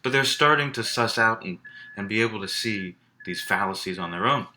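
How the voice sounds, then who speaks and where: A man's voice: lowish voice, fairly quick, sharp tone, a little hiss or hum. A man teaching a college writing class in a recorded lecture, explaining in a conversational way with fillers and restarts. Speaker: college English instructor.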